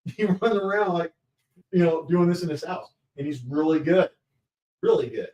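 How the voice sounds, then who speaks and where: Man, high-ish voice, lively storyteller, laughs a lot, distant mic, roomy echo. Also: moderate pace, muffled recording. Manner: energetic, laughs often, acts out quotes. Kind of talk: animated storytelling. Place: live event venue. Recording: echoey, off-mic at a live show.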